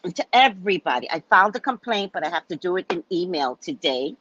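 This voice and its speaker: A woman's voice: on the low side, sing-song, fast, fairly bright tone, slight background noise. A woman host and psychic reader telling a story in a casual, indignant, profane rant. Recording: dull lo-fi dry sound.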